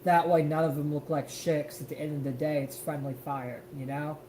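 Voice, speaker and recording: A man tears into a clip on a podcast in a loud, profane rant, his voice bouncing around a roomy, echoey space. Faint background ambience hangs under his angry, fast-building complaints. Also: a little high, level tone, a little hiss or hum. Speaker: podcast host. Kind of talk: heated reaction commentary.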